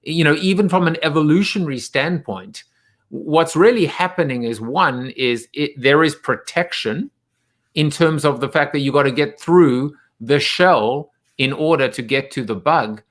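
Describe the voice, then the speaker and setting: A man's voice: a little high, normal speed, a bit bright. A man hosting a podcast, asking long, reflective questions about growth and adaptation. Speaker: podcast host. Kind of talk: interview questions.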